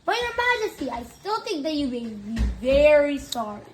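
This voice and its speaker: A woman's voice: sits high, big pitch swings, normal speed, a little hiss or hum. A woman voicing a polite, worried young page boy who pleads respectfully with his king in a storybook. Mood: worried pleading.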